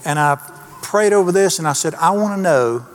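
A man's voice: on the high side, expressive, moderate pace. A middle-aged man preaching a sermon in a folksy, emphatic way, asking the congregation questions. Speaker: pastor.

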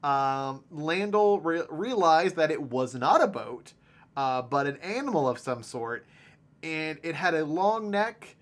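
A man's voice: fairly high pitch, lively intonation, measured pace. A man co-hosting a podcast, retelling lake monster sightings in a rambling casual chat with many fillers and frequent laughs. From Ohio. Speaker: podcast co-host.

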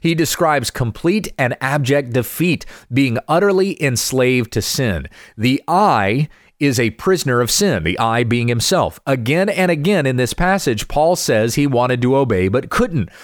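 A man, a pastor, giving a measured, methodical Bible study lesson. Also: medium pitch, animated, no room sound, studio quality.

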